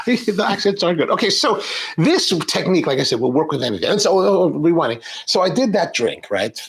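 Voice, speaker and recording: A middle-aged man hosting a coffee live stream, chatting in a rambling, animated way and reading viewer comments aloud. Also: on the high side, a little fast, gravelly, breathy edge. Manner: rambling, animated, frequent restarts. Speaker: coffee show host.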